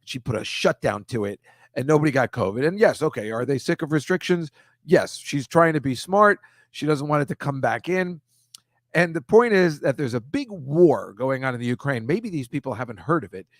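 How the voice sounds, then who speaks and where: A man hosting a comedy show, talking casually and exasperated over a series of pictures, ranting with quick asides. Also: medium pitch, expressive, no room sound, clean studio sound.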